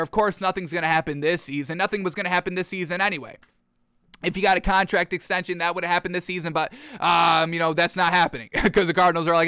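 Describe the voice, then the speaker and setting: A man talks through sports news on his own show in a loose, sarcastic, chatty way, often speaking straight to his listeners. His voice sits high and sounds bright and crisp. The recording is dry and close, with no room sound. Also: no echo. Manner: sarcastic, mocks officials with put-on quotes; conversational, addresses listeners as folks and y'all. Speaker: sports commentary host. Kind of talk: solo sports commentary.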